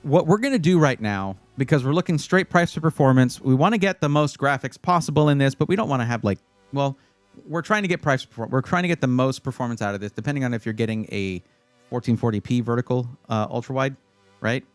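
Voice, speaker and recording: A man's voice: mid-range voice, lively intonation, fast, dry recording, faint music behind. A man hosting a casual livestream, chatting with viewers and giving computer buying advice in a rambling, playful way. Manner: chatty, rambling, restarts phrases, playful with chat. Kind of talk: casual livestream chat reading viewer comments.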